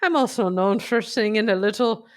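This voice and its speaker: Brief: woman doing a hammy mock-Irish lady, bragging singer, even pitch. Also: normal speed, close to an everyday voice. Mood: boastful. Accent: put-on Irish. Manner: playful, boastful. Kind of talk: comic bit.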